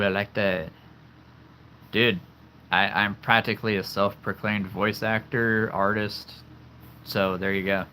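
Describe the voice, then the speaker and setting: A man's voice: fairly low pitch, sharp tone, slight background noise. A young man from the central United States hosting a casual livestream, chatty and enthusiastic, laughing easily. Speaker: livestream host.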